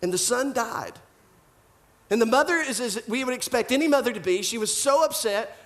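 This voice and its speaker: A male pastor preaching a sermon in an animated style, full of rhetorical questions and repeated phrases. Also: very high-pitched, moderate pace.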